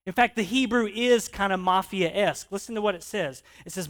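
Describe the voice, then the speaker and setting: A man preaching a sermon in a conversational, animated way, often asking his listeners questions. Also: high-pitched, moderate pace, hardly any pauses. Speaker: pastor.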